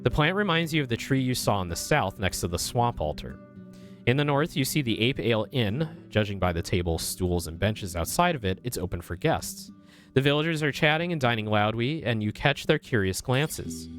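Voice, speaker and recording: Brief: young male streamer, animated playful reading voice, soft guitar under. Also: medium pitch, moderate pace. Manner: playful, chatty, lively reading voice. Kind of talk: reading a text game aloud with chat. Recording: faint guitar music behind.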